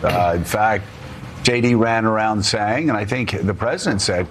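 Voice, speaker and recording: A man's voice: fairly low pitch, moderate pace, fairly bright tone, slight background noise. A man hosting a political talk show, speaking emphatically and rambling with frequent restarts. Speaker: host.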